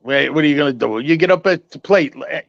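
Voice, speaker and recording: A man's voice: fairly high pitch, fast, creaky, no room sound, lo-fi sound. An older man chatting casually as a guest, nostalgic and rambling, often calling people "man.". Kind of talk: casual chat.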